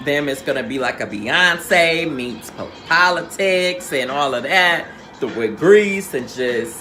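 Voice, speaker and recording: A man's voice: fairly high pitch, bright, forceful tone, slight background noise. A man recapping a reality show in a sassy, slangy, theatrical storytelling manner. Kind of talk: casual recap commentary.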